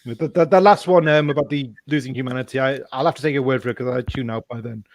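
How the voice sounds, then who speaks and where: A man's voice: medium pitch, fast, dry recording. A man in a casual chat who agrees often with short replies and makes wry remarks.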